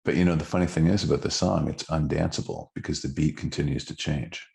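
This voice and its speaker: A middle-aged man with an extremely low, gravelly voice co-hosts a casual music podcast. He talks in an animated, storytelling way, full of restarts and asides. He has plenty of trivia and clearly enjoys sharing it. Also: fast. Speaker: podcast co-host.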